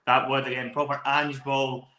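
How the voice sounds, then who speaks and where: A Scottish-accented man co-hosts a football podcast, delivering long, flowing, enthusiastic match analysis in a talkative style. His mid-range voice is level and sharp at a moderate pace. The recording has a roomy echo.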